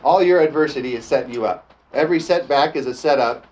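A man preaching a lively sermon, often calling out "amen?" and joking with the congregation. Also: medium pitch, fast. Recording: dull lo-fi sound with faint background noise.

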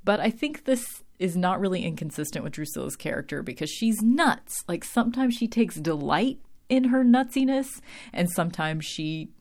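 A woman's voice: lowish voice, expressive, normal speed, darkish tone. A woman casually recapping a TV episode, rambling and filling her talk with "like" and "um," her voice tiring from long talking. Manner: rambling, heavy use of "like" and "um".

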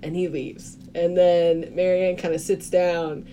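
A woman's voice: lowish voice, little pitch movement, unhurried, mellow, muffled recording, slight background noise. A woman co-hosting a podcast, casually recapping a film scene by scene and laughing often. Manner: retells scenes, acting out characters' lines, laughs often. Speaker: podcast co-host.

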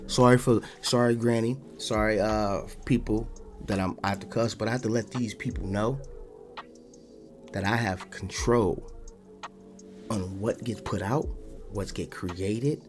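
A man's voice: lowish voice, measured pace, long pauses, over music. A man hosting a podcast in a casual monologue, talking bluntly and defiantly, swearing freely and restarting his sentences often. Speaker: podcast host.

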